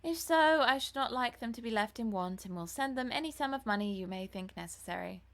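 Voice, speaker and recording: A woman voicing a young English gentleman, languid at times, elsewhere alarmed and exclaiming. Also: fairly high pitch, lively intonation, a little fast.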